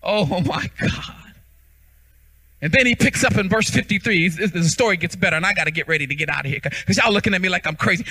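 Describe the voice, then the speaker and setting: A male pastor preaching a charismatic sermon, shouting and breaking into sung cadences. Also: high-pitched, brisk, rough recording. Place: church sanctuary.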